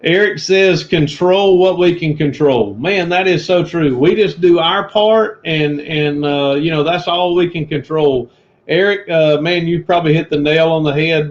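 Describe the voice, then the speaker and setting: A man co-hosting a reselling livestream, talking in an earnest, encouraging, slightly preachy way. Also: fairly high pitch. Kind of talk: casual livestream chat. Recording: dull lo-fi stream audio.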